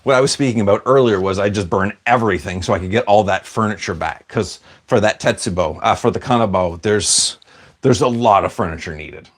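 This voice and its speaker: A man's voice: lowish voice, a little fast. Chatty man hosting a livestream. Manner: chatty, self-deprecating, wanders off mid-sentence. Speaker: livestream host reading viewer comments. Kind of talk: casual livestream chat.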